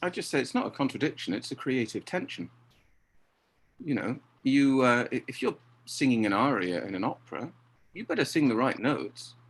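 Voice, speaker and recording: A middle-aged man talking about directing, lively and acting out exchanges he quotes. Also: medium pitch, normal speed, slightly rough. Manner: animated, acts out quoted exchanges. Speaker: theatre director. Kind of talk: conversational interview.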